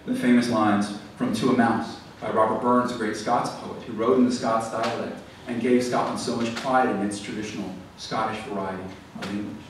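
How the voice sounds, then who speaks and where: A man giving a lively, conversational public lecture to a library audience, then taking questions. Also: on the low side, moderate pace. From American South. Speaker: author giving a library talk. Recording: roomy echo, distant mic, faint background noise.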